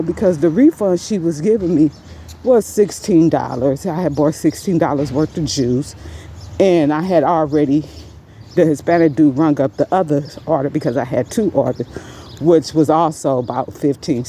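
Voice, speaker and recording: A woman casually recounting a store incident as a vlog storytime, animated and rambling, her pitch leaping up whenever she quotes someone. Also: moderate pace, slight background noise. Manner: animated, jumps much higher in pitch when quoting herself and others; rambling, many fillers and restarts. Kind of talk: casual first-person storytime.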